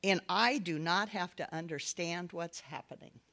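A woman's voice: on the low side, normal speed, fairly bright tone. A middle-aged woman giving a sermon-style personal testimony, telling her story earnestly with light laughs. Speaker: speaker giving a devotional talk.

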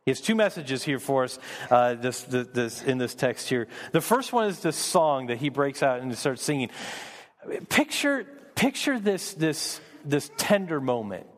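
Earnest preacher in an echoing hall. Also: male voice, mid-range voice, sing-song, unhurried. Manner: earnest, repeats words when building emphasis. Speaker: pastor. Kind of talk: sermon.

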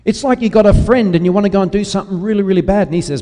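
A man's voice: high voice, rapid-fire, dark tone, in a large hall. A man preaching a sermon with emphatic, repetitive phrasing, calling out to the congregation for an amen. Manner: emphatic preaching, repeats key words, asks the congregation "Amen?".

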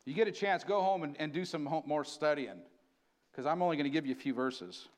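A man preaching a sermon in a church, reading scripture slowly and building to loud, emphatic bursts. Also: fairly high pitch, animated. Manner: slows to read scripture aloud. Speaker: pastor. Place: church sanctuary.

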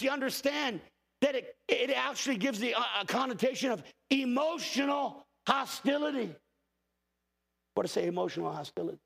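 A man in his fifties, a pastor, preaching an impassioned sermon that often rises to shouting. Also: extremely high pitch, creaky. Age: 50s. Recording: hall reverb.

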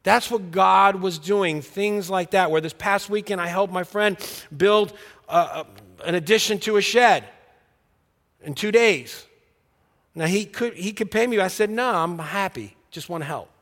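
High-voiced preacher man in an echoing hall. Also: unhurried, fairly bright tone. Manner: storytelling, acting out quoted dialogue. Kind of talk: sermon with personal testimony.

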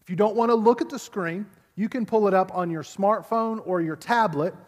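High-voiced man preaching in echoing hall. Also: moderate pace. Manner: conversational, repeats words while building a point. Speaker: pastor. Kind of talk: sermon. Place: church service. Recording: long reverb of a large hall.

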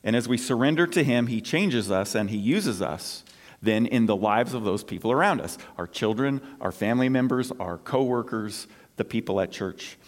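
A man's voice: medium pitch, lively intonation, moderate pace. A male pastor preaching a sermon in a church, stressing his points through repetition. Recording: long church reverb.

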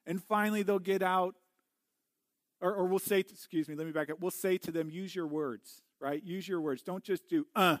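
A man's voice: sits high, fairly even intonation, normal speed, dry recording, studio quality. A middle-aged man preaching a sermon as a pastor, earnest and often restarting his words. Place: church.

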